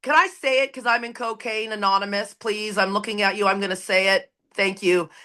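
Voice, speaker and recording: A woman's voice: mid-range voice, fairly even intonation, brisk, bright, forceful tone. A woman speaking at a recovery meeting, giving an impassioned, preachy share with blunt, profane emphasis. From Canada. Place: recorded at an online meeting.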